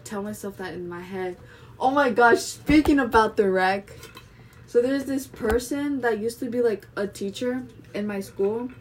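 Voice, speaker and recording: A woman's voice: on the high side, a little hiss or hum. A young woman vlogging in a casual, rambling way, filling her talk with constant fillers. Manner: rambling, filler-heavy, chatty. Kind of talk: casual monologue vlog. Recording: voice a bit distant from the mic.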